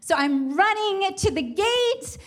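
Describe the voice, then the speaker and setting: A young woman telling a funny personal story to an audience, animated and self-mocking. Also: very high-pitched, takes it slowly. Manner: animated, self-mocking, vivid comic retelling.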